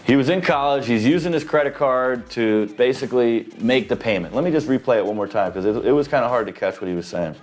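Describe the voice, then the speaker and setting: A man's voice: medium pitch, expressive, fast, few pauses. A man commenting on a played video clip, explaining a point step by step in a casual way and checking in with "right?". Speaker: business credit commentator.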